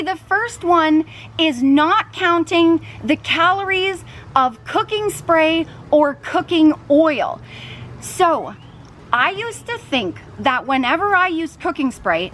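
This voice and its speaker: A woman's voice: high-pitched, a bit bright. A woman vlogger talking casually to the camera outdoors in a backyard, explaining her diet mistakes step by step. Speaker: weight loss vlogger.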